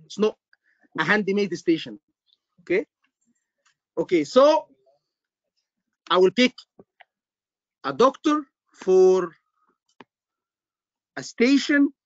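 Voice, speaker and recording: A man teaching an online exam-prep class, lively, repeating points and checking in with his students. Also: high-pitched, no room sound, highs cut off. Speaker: medical exam tutor.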